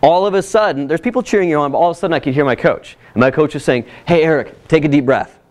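A man's voice: on the high side, rapid-fire. Man telling a chatty workshop story. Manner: animated storytelling, chatty asides. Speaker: workshop presenter. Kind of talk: casual workshop talk with slides.

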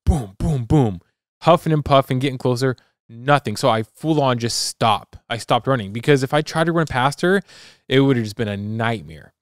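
Young man, podcast co-host, rambling storyteller, smooth clear voice, dry close sound. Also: mid-range voice, fairly quick, no echo. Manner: animated storyteller, loose and rambling. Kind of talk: casual chat.

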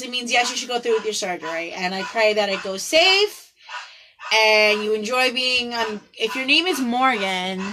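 A woman giving casual tarot readings on a livestream, chatty and giggly, dropping into soft prayers to her spirit guides. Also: a little high, rough recording. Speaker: tarot card reader. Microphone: phone or computer on a live video stream.

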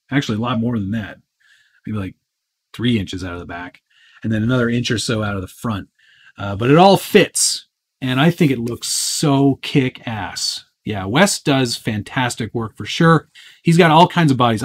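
Casual man hosting a live Q&A. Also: medium pitch. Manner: relaxed and chatty, answering viewer questions, with frequent fillers. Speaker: host of a live Q&A stream. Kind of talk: casual live-stream chat.

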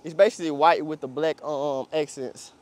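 This young car vlogger's voice is fairly high and a little mellow, with fairly even intonation and a moderate pace. Outdoors, he casually shows off a pickup truck, rambling in slang and laughing often.

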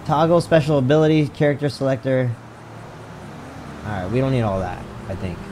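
A gaming streamer with a mid-range voice talks a little fast, doing live commentary as he plays. He chats with his viewers, reads menus aloud, and swears and yelps when something catches him off guard, all in an excitable way. The recording is rough, with a little hiss or hum.

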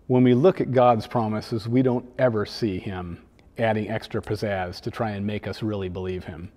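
A man, a children's pastor, preaching a sermon in a conversational, gently humorous way. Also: fairly low pitch, fairly even intonation, moderate pace, big-room sound.

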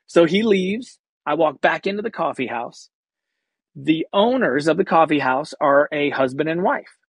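A man's voice: a little high, normal speed, husky, no echo. A man who is an actor and comedian, telling a story animatedly in casual, slangy talk as a podcast guest. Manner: energetic, acts out quoted voices.

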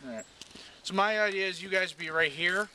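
A man's voice: high-pitched, fairly even intonation, bright, forceful tone, slight background noise. A man casually explaining how a scene will be set up outdoors. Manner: brisk, explaining plans. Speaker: director of an amateur film. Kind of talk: casual planning talk.

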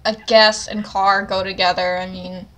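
A woman's voice: medium pitch, level tone, normal speed, a bit bright. A young woman hosting a casual chat, rambling with lots of fillers and talking with enthusiasm. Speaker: channel host.

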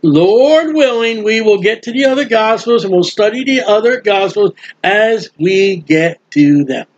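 A man teaching a Bible study sermon in a lively, animated way, playing out the voices of people in the story. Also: sits high, measured pace. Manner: animated, acts out bystanders' mocking voices. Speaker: preacher. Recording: dull lo-fi recording.

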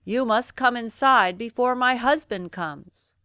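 A woman's voice: a little high, unhurried, bright, forceful tone, smooth, no room sound, clean studio sound, pitched above the performer's own voice. A woman voicing a kind, worried giant's wife who speaks urgently and protectively, storybook style.

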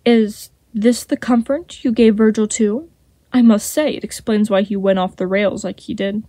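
A woman voicing a sly, snake-like male deceiver in a storybook reading, with a smooth, honeyed manner. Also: medium pitch, fairly even intonation, moderate pace, dark tone, dry recording, natural voice. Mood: taunting. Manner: purring and mocking.

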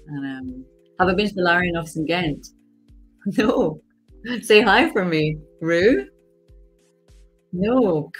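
Actress, low husky voice, relaxed livestream chatter with frequent laughs. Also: female voice. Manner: chatty, laughs often, reads chat aloud. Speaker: actress hosting a fan signing livestream. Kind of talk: casual livestream chat.

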